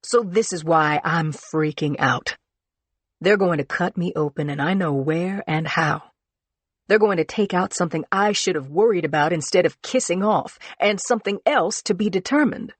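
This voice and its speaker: A woman's voice: lowish voice, moderate pace, no echo, close to an everyday voice. A woman voicing a frightened woman doctor facing cancer, pleading and shaky with emotion in an audiobook scene. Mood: anxious.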